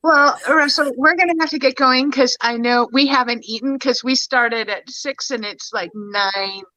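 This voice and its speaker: Female guest, high bright voice, dull, dry recording. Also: normal speed, no echo. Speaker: guest artist. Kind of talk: casual chat.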